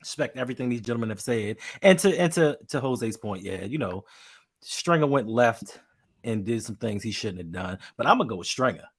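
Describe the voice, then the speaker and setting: Husky Baltimore man telling stories. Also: medium pitch, fairly quick. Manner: animated storyteller, acts out quotes. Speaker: co-host. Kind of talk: casual podcast chat.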